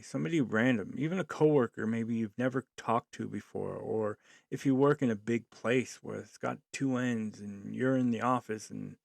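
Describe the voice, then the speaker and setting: A man hosting his own podcast, talking earnestly in a rambling way with many pauses and fillers. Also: mid-range voice, creaky, no room sound, studio quality. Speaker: podcast host. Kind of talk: solo podcast commentary.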